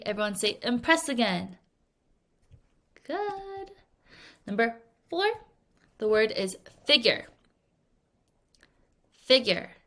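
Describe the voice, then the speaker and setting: A young woman teaching English vocabulary in a recorded lesson. She speaks clearly and acts out little scenes with playful voices. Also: on the high side, a bit bright. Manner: clear, deliberate word-by-word teaching delivery.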